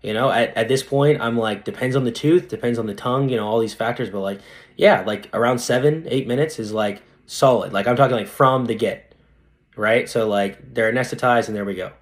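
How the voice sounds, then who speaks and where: A young male dentist appears as a podcast guest, chatting casually in an animated, slangy way. He keeps asking "right?" and calls the listener "dude," speaking in a mid-range voice at a fairly quick clip.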